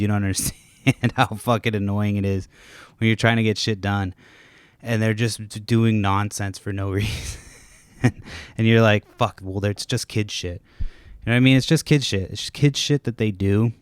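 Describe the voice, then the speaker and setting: A man's voice: on the low side, no echo. A man hosting a casual solo podcast from home, rambling, swearing often and stopping mid-sentence to restart. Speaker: podcast host. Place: home, kids nearby.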